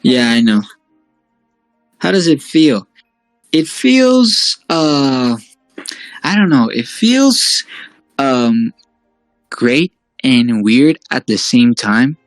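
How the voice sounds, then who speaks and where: A man chatting as a guest, often pausing to restart his thoughts and hedging as he goes. His voice sits dry and close, with faint music in the background. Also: medium pitch, sing-song, dry recording, rough recording. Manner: hesitant, full of fillers and restarts. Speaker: guest, fan-series creator. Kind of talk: casual interview chat.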